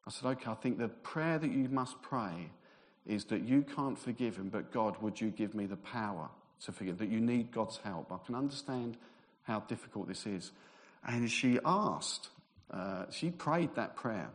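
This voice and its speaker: A man's voice: lowish voice, animated, moderate pace. A man preaching a sermon, telling personal ministry stories in a conversational way. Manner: conversational storytelling, acts out quoted voices. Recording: long reverb of a large hall.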